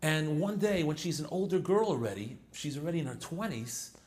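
Rabbi guy in an interview, fairly high voice, gets really fired up telling stories, lots of restarts. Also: animated, a little fast, darkish tone. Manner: enthusiastic, rising to emphatic peaks on key points; many restarts and filler words. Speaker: rabbi and author being interviewed. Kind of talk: animated storytelling interview.

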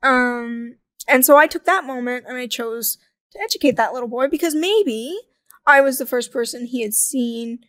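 Casting note: young woman, podcast guest, candid and jokey, higher voice, dry close mic. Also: moderate pace, dry recording. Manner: candid, jokey, animated storytelling. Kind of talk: casual interview chat.

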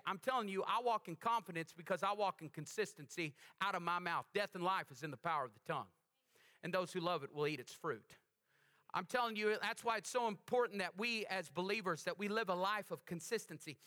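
Male pastor, bright and forceful, animated call-and-response preacher. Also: sits high. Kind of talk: sermon.

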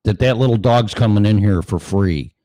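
Here a male host rants through an opinion monologue, sarcastic and swearing, now and then performing other voices partway through. His voice is lowish and mellow, at a normal speed, with no audible room sound.

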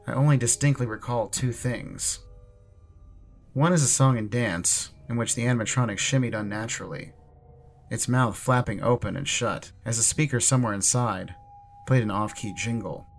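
A man narrating a horror story in a measured, ominous way. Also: on the low side, gravelly.

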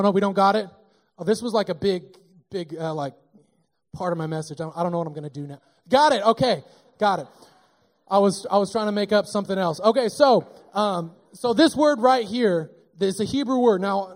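A man preaching a sermon in a church, talking in a lively, conversational and joking way. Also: high-pitched. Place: church sanctuary.

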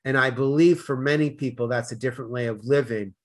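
A man with a Boston accent talking fast as a podcast guest, with stammered restarts and slurred words. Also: medium pitch, steady tone. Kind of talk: casual conversation.

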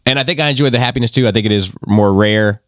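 A man co-hosting a podcast in relaxed casual chat, swearing freely and laughing easily. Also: medium pitch, fast, no room sound, clean studio sound. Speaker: podcast co-host.

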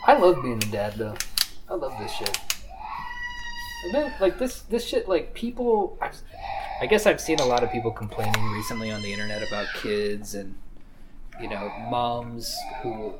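A man's voice: medium pitch, normal speed, very noisy. A man co-hosting a casual podcast, rambling and swearing freely in loose banter while minding his toddler. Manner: rambling, profane, lively banter. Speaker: podcast co-host.

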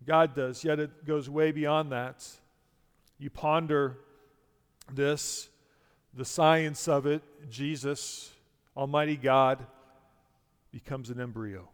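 A middle-aged man preaching a sermon as pastor, prayerful and conversational, often restarting words and dropping quiet. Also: medium pitch, steady tone, slow, long pauses, smooth, big-room sound. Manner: prayerful, softening to near-quiet, with many restarts.

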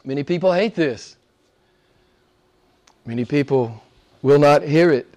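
A male pastor with a notably high voice delivers a sermon in church. He preaches emphatically, firing rhetorical questions and moving between hushed lines and forceful declarations. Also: measured pace.

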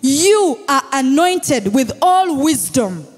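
A high-pitched woman with a Ugandan English accent preaches in a big church hall, her voice trailing off into a long reverb. She talks slowly and deliberately, rising into shouted declarations and calling for responses from the congregation. Soft music plays underneath. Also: very animated. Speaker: pastor. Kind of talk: sermon.

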